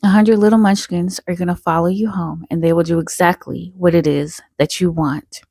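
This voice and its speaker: A woman voicing a mysterious, wish-granting woman on the phone, speaking softly and gently. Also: fairly low pitch, steady tone, normal speed, creaky, dry recording. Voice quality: soft, gentle, at times whispered.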